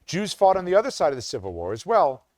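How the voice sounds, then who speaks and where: Animated man giving an academic lecture. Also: fairly high pitch, quick pace, no room sound. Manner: reads quotes with sing-song emphasis, some restarts and ums.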